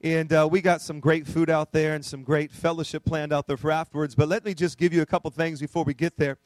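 A male pastor with a slightly high voice talks fast, preaching an animated, conversational sermon packed with rhetorical questions for the congregation. There's no room sound on the recording.

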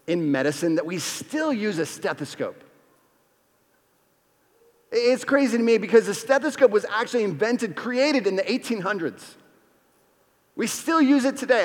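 A man preaching a sermon in a casual, energetic, conversational way, acting out the people in the story. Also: high-pitched, long reverb tail. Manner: energetic, conversational, acts out quotes. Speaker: pastor.

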